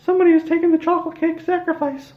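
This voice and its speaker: A man doing a squeaky falsetto voice for an evil cartoon mouse cult leader who cackles. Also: flat delivery, rapid-fire, phone-quality sound. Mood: gleeful.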